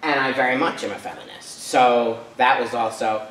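A man's voice: mid-range voice, steady tone, normal speed, a bit bright, slight background noise. Man from Rhode Island, guest speaker, casual chatty talk, distant mic, echoey church hall. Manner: casual, chatty, many fillers and tag questions. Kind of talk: personal talk to an audience.

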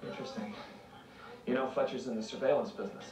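A man's voice: medium pitch, quick pace, recorded from a distance, crowd noise, close to an everyday voice. An actor playing a wry, easygoing male investigator who talks in a dry, joking way. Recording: dull roomy TV soundtrack, music behind.

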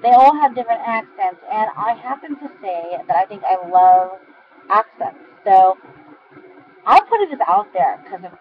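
A young man with a high voice rambles to his camera at home at night, repeating words and trailing off. The camera's built-in mic gives a dull, lo-fi sound. A faint fan hum runs underneath. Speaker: vlogger. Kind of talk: casual rambling vlog.

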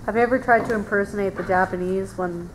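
A woman's voice: medium pitch, fast, slight background noise, rough recording. A woman in the audience asking a voice actress a question.

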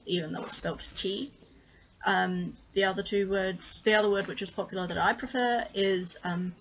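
A woman's voice: fairly low pitch, steady tone, moderate pace, fairly bright tone, slight background noise. A young woman with an Australian accent, explaining letter sounds to camera, carefully demonstrating each sound with frequent ums. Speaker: language tutor. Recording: slightly muffled lo-fi recording.

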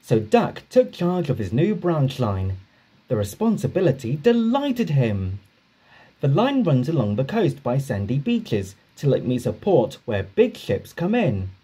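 A man reading a children's story aloud at an unhurried pace. His pitch rises and falls very expressively, sitting a bit high for a man, and his voice has a husky grain. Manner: slow, expressive read-aloud. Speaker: narrator. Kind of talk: storybook narration.

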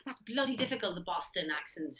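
A woman's voice: medium pitch, expressive, fast, sharp tone, muffled recording. A woman guest on a video call, chatting casually and playfully, laughing often. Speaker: guest actress. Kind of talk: casual chat.

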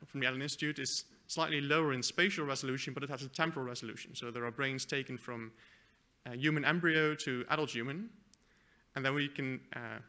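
A man presents at an academic conference. His voice is very bright and sharp. He explains a live demo at an even pitch, with the odd "uh" and restart. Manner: explains a live software demo, with fillers and self-corrections. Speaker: conference speaker. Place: conference hall.

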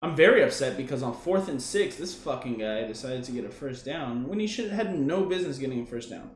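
A young man giving live gameplay commentary, excitable, yelling at plays, swearing and laughing. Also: medium pitch, a little fast, reverberant. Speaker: gaming YouTuber.

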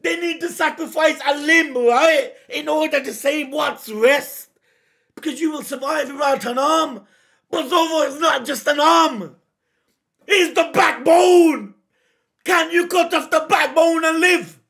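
A man hosting a live manga reaction, excitable and full of slang, breaking into shouted bursts of reaction. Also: very high voice, measured pace, gravelly. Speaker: reaction video host.

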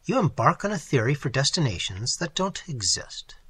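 A calm, amused old zoo professor with a dry, teasing way of talking, as a male reader puts him on. The husky voice rises and falls widely over a bright edge. The sound is close and dry. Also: medium pitch, moderate pace, no room sound, heavily acted. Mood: placid, amused. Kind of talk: audiobook character reading.

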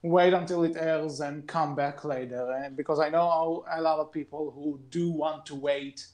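A man's voice: a little high, steady tone, normal speed, a little mellow. A man co-hosting a casual podcast, chatting in a rambling, hedging way as he shares his thoughts. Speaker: podcast co-host.

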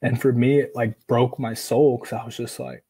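A man's voice: medium pitch, flat delivery, normal speed, gravelly, warm tone, breathy edge, poor audio. A man from Oregon, a podcast guest, telling a personal story in casual, filler-heavy speech, acting out quoted dialogue, earnest and emotional. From Oregon, USA.

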